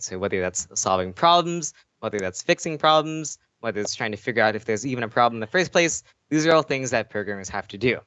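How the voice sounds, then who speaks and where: A man's voice: on the low side, a bit bright, no room sound. A man presenting an award from his home desk in a casual, conversational way, often asking "right?" and using fillers. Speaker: programming instructor presenting an award. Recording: dry, dull lo-fi sound.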